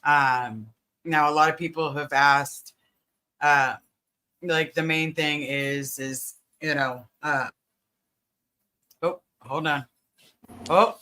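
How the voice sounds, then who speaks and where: A woman's voice: low voice, steady tone, slow, pauses often, bright, forceful tone. A woman hosting a casual livestream, greeting viewers by name and talking with many fillers. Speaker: livestream host.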